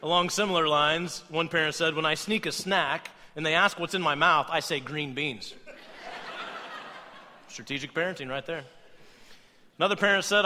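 A man preaching a humorous sermon, playful and animated, acting out quoted voices as he goes. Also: fairly high pitch, big-room sound. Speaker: pastor.

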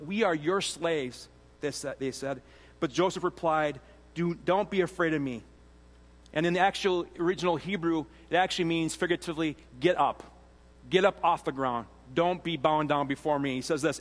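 A man's voice: a little high, fairly bright tone. A man giving a sermon as a pastor, earnest and conversational, often restarting phrases. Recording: long hall reverb.

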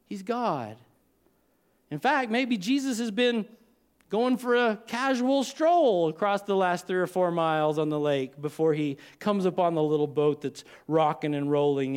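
A male pastor preaching a sermon dramatically, swinging from loud lines to hushed ones with long pauses. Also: sits high, smooth.

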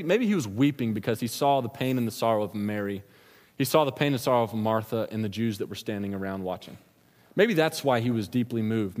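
Male pastor, laid-back slangy sermon, mid-pitched voice, long hall reverb. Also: darkish tone. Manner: casual, slangy storytelling preacher.

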